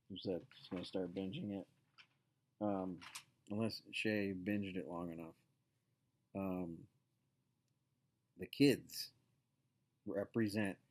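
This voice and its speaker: A man with a notably low voice, talking slowly and loosely as he hosts a casual show. He wanders through his points with plenty of fillers and asides, and keeps circling back to them. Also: a little mellow. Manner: rambling, many fillers and asides. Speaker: podcast host.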